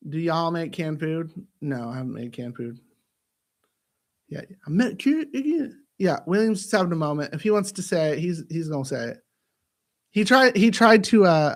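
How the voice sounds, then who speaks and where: Lively, high-voiced male stream host. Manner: animated, jokey, breaks into silly voices. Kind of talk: casual live-stream chat.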